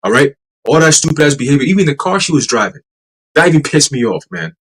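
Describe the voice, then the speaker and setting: A man's voice: a little high, sing-song, fast, a bit bright, breathy edge, poor audio. A man hosting a religious podcast, preaching in a casual, profane and emphatic way.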